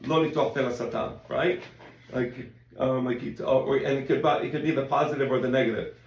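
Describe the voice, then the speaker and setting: Gravelly-voiced male rabbi teaching in an echoey room. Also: medium pitch, a little fast, muffled recording. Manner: conversational, repeats words, quotes in animated voices. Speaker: rabbi teaching a Talmud class. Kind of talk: casual Talmud lesson.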